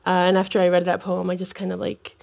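A woman's voice: fairly low pitch, completely flat delivery, fast, creaky, darkish tone. Woman reporter on a muffled line. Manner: casual, hedging, lots of like and kind of. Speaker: breaking news reporter. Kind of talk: casual podcast chat.

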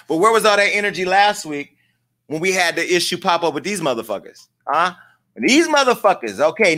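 Brief: male comedic gossip host, sassy and theatrical, bright edgy tone. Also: high-pitched. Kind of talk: comedic celebrity gossip commentary. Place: home studio with lights.

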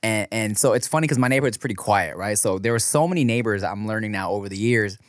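Eating as he talks, a thirty-something new dad tells profane, rambling stories, restarting often and staying animated throughout. He's a fast talker with a voice on the low side, recorded cleanly in a studio with no echo.

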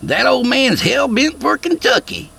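A man voicing a drawling country sidekick who talks slowly with plenty of slang. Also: very high voice, big pitch swings, vocal fry, sharp tone, husky, pitched above the performer's own voice, heavily acted. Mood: casual. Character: drawling good-old-boy sidekick.

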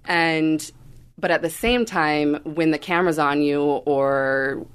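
A woman guest telling stories in a casual interview chat, animated and full of likes and restarts. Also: low-pitched, slow pace, smooth. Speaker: guest dancer.

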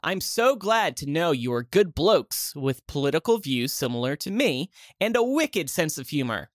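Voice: medium pitch, very animated, normal speed, no echo, clean studio sound, close to an everyday voice. A performer playing Jesus on a comedy podcast, chipper, and reading out listener questions. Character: Jesus, a chipper male savior.

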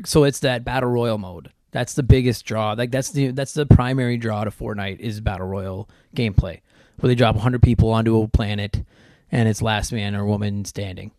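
A man's voice: medium pitch, a little mellow, no echo. Male podcast host, loose and rambling, dry close mic. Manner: rambling, many filler words. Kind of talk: casual chat.

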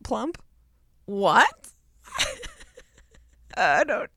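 A woman's voice: mid-range voice, sing-song, drawn-out words, a bit bright, husky, no room sound, clean studio sound. A young woman co-hosting a podcast, chatty and giggly, with lots of fillers. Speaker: podcast co-host. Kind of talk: casual chat.

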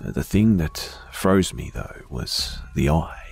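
A man slowly narrating a first-person horror story in a hushed voice that often drops to a whisper. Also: extremely low pitch, expressive, creaky, husky.

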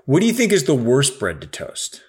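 A man's voice: medium pitch, wildly swooping pitch, brisk, darkish tone. A man talking in a casual, emphatic chat, swearing now and then.

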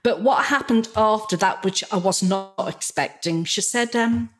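A woman's voice: mid-range voice, moderate pace. A woman tells her own story openly. She acts out the dialogue as she goes, and her voice sits in the middle range for a woman. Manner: candid, animated, acts out quoted dialogue. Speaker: guest. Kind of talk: personal storytelling in an interview.

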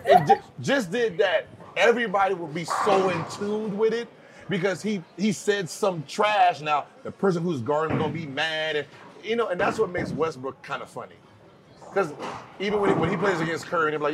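A man with a high voice hosts a casual podcast chat at normal speed over a noisy background. He tells stories energetically, acting out the voices of the people he quotes.

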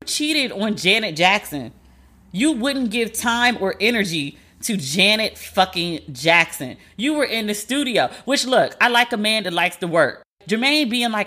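A woman hosting a podcast, chatting casually about celebrity gossip in an animated, sassy, profane way. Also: medium pitch, a little slow. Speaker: podcast host.

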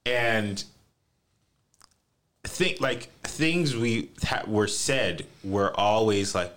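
A man with Caribbean roots from the East Coast, chatting casually on a podcast, telling funny stories and mimicking people in sudden high voices. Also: extremely slow, pauses often. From Caribbean roots, raised on the US East Coast. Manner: animated, laughing storyteller who jumps into high mimic voices. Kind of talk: casual chat.

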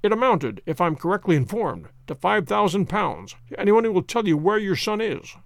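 A man voicing a cool, inexorable middle-aged detective who speaks in a measured, deliberate way. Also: high-pitched, sing-song, gravelly, no room sound, exaggerated voice.

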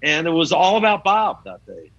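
A man's voice: on the high side, moderate pace, no echo, dull audio. An older man, a rock photographer, telling stories in a casual interview and acting out the people in them. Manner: animated, acts out the people in his stories.

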